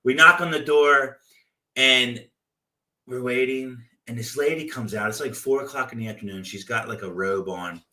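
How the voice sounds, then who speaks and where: A man hosting a real estate investing show, giving a loose, animated motivational talk full of stories and "like". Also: mid-range voice, normal speed. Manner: loose, animated storytelling with frequent "like". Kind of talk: casual motivational talk with anecdotes. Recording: echoey room, distant from the mic.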